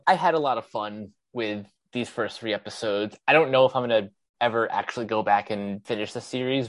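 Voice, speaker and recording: Relaxed man giving a review. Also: medium pitch. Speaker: co-host. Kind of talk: casual anime review chat.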